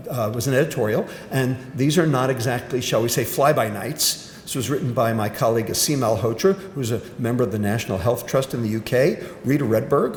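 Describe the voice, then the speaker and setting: An older man giving a medical lecture, emphatic and punchy, often asking and then answering his own questions. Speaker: physician giving a grand rounds lecture. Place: lecture hall. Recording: roomy hall echo with faint rumble.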